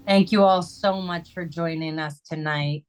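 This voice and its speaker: A woman's voice: lowish voice, steady tone, unhurried, faint music behind. A woman hosting an online webinar, giving closing announcements and a donation appeal in an upbeat, conversational way. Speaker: webinar host. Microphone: video call.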